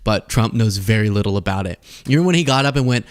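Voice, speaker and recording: Young male host, casual and jokey, very lively pitch, breaks into laughter and goofy voices. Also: racing, hardly any pauses, clean tone. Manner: animated, laughs often, slips into mock voices. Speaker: host of a political commentary live stream. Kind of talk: casual, joking live-stream talk.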